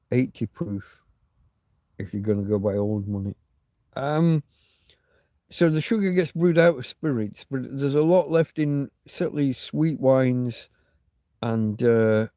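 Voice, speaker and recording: Gravelly-voiced man rambling on a livestream. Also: medium pitch, warm tone, no room sound. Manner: rambling, thinking aloud. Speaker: livestream host. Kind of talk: casual livestream chat.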